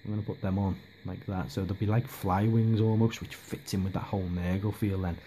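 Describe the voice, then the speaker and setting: Male vlogger, mellow and low, hesitant, casual rambling delivery. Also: little pitch movement, a little fast, slight background noise. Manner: hesitant, lots of ums and restarts. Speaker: miniature hobby vlogger.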